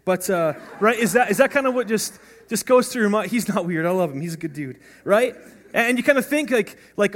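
High-voiced man preaching casually. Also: brisk. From North America. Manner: conversational preaching, frequent "right?" asides and restarts. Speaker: pastor. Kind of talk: sermon.

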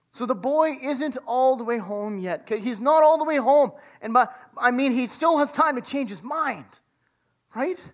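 Woman preaching with dramatic hushes. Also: a little high. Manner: dramatic retelling, acting out the characters' lines; drops to a hush for emphasis. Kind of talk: sermon.

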